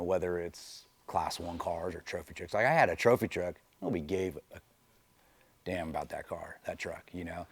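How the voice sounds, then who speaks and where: A middle-aged man with a low, gravelly voice, a race car driver talking through his stories in relaxed conversation. He rambles easily and leans on "you know" at every turn. The sound is close and dry. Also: no echo. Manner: loose and chatty, full of "you know" fillers. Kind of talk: casual storytelling interview.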